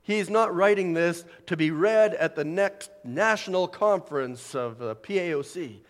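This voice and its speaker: A man's voice: high voice, normal speed, in a large hall. A man preaching a sermon as pastor, building to emphatic peaks. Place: church sanctuary.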